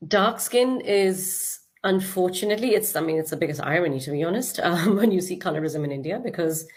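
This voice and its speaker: A woman giving thoughtful, hesitant commentary with many pauses and fillers. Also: lowish voice, lively intonation.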